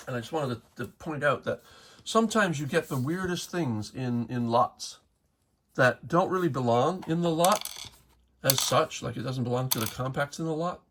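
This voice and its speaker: Gravelly, husky man rambling over toy finds. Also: mid-range voice, fairly bright tone. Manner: rambling, with many fillers and self-corrections. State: hiccuping. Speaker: toy collector showing his finds. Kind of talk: casual unscripted show-and-tell.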